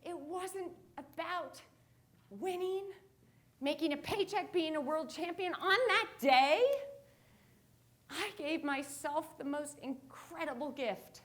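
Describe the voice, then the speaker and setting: A woman's voice: sits high, slow pace. A woman giving a keynote talk to a live audience, telling a story and acting out the quotes in it. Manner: animated, acts out quotes in her story. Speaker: motivational speaker. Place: stage before a live audience.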